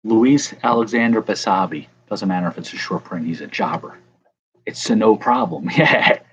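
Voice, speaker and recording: Husky and lowish, a man speaks at a moderate pace as he breaks baseball cards on camera. He chats casually to viewers, full of jokes and rambling tangents. The recording has a dull lo-fi quality with faint ambience.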